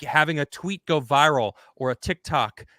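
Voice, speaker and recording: A man hosting a casual podcast chat, talking in an animated, rambling way and acting out the people he quotes. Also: a little high, normal speed, no echo, studio quality. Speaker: host.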